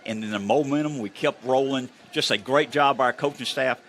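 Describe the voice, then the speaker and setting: A man's voice: medium pitch, a little fast, a bit bright, slight background noise. A man commentating on a football game, emphatically stressing scores and momentum. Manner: emphatic, stat-driven. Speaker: broadcast color commentator. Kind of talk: booth commentary.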